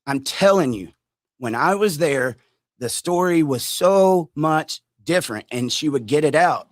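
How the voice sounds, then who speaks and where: A man vlogging a story to his viewers, animated and direct, acting out quotes as he goes. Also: on the high side, unhurried, dry recording. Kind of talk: storytime vlog.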